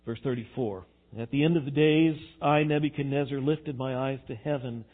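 A man preaching a sermon, animated, swinging between quiet reflection and loud emphasis. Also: medium pitch, moderate pace, few pauses. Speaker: pastor. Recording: tinny phone-like sound.

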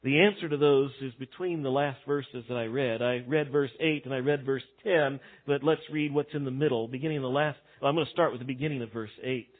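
A man preaching a sermon as a pastor, swinging between loud emphatic lines and hushed ones. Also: mid-range voice, brisk, few pauses. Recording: tinny phone-like sound.

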